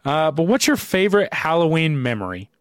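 A man's voice: on the high side, very animated, fairly quick, dry recording. A man hosting a casual podcast interview, asking questions loosely, laughing often and swearing freely. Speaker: podcast host.

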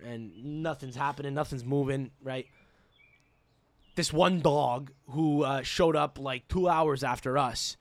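Man, young adult, podcast host, excitable profane rant, fairly high pitch. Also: no echo. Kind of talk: casual rant.

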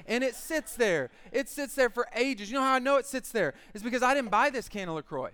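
In church, a pastor gives a casual sermon packed with jokes, animatedly telling stories and acting out quotes in quick lines. His voice is high for a man and sounds clean and smooth.

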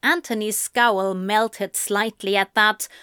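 A woman narrating a story aloud in an expressive reading voice. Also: medium pitch, slow, clean tone, no room sound, clean studio sound. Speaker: audiobook narrator.

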